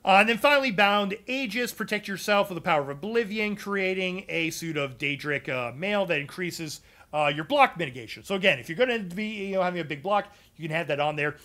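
This gaming streamer has a high-pitched, sharp-toned voice and talks fairly quickly. He explains a character build to his live chat in a loose, chatty walkthrough packed with ums and uhs.

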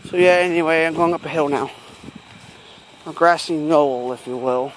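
A man's voice: fairly high pitch, moderate pace, slight background noise. A frightened man filming himself on a phone outdoors in rural fields at night, swearing and talking nervously to himself. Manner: heavy swearing, nervous self-talk. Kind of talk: handheld night-walk vlog.

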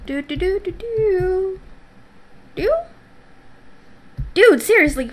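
A woman's voice: very high voice, expressive, very slow, long pauses, rough recording. A woman gamer giving goofy, playful let's-play commentary, humming silly noises as she plays. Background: game music.

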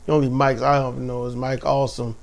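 A man's voice: medium pitch, flat delivery, a little fast, gravelly, slight background noise. A man co-hosting a casual wrestling chat, laid-back and easygoing. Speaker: podcast co-host.

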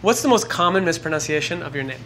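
Brisk upbeat male interviewer. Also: a little high, expressive, a bit bright, slight background noise. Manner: brisk, upbeat, laughs easily. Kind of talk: quick-fire interview questions.

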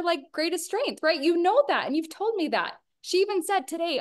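A woman's voice: very high-pitched, animated, moderate pace, hardly any pauses. A woman in her thirties giving an earnest motivational talk to a small group, coaching them and asking them questions. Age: 30s. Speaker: workshop speaker.

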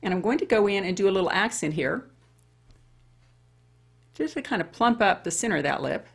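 A woman's voice: medium pitch, expressive, a little fast, creaky, slightly rough. A woman over fifty chatting her way through a makeup tutorial and talking straight to women viewers. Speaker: beauty vlogger. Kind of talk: casual makeup tutorial chat.

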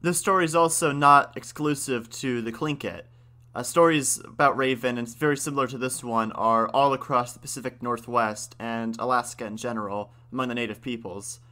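A young man hosts a folklore podcast, reading a tale aloud and then musing about it in a chatty, self-correcting way. His voice is bright and forward, at a middle pitch. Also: fairly even intonation, moderate pace. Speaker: podcast host. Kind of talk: folk tale reading and casual commentary.

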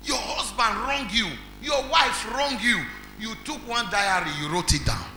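High, lively Nigerian preacher in an echoey hall. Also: male voice, measured pace. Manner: preaches emphatically, quizzing the congregation; builds to shouts. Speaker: pastor. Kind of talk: sermon. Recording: echoey hall with faint music.

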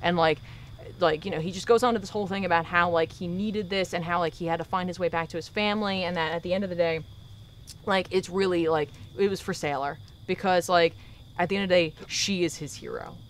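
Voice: mid-range voice, fairly even intonation, brisk, a little hiss or hum. A podcast host gives a casual recap of a comic book. The host tells the story with animation and drops into the characters' lines along the way.

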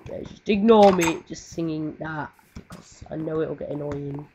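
Her low-pitched voice moves at a moderate pace while she plays, a gaming creator rambling casually, cursing frequently and humming or singing along to herself. The sound is muffled and noisy, typical of a home mic setup.

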